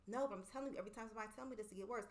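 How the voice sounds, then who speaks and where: A woman co-hosts a casual podcast chat, speaking very fast in a slightly high voice. She tells an animated story, swearing freely and acting out quotes.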